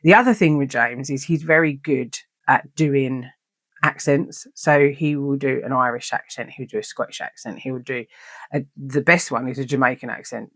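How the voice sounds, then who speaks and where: Lively woman telling stories, dry room. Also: a bass voice, moderate pace, no echo. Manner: animated, swears freely, acts out quoted lines. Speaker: podcast host. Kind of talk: casual storytelling podcast.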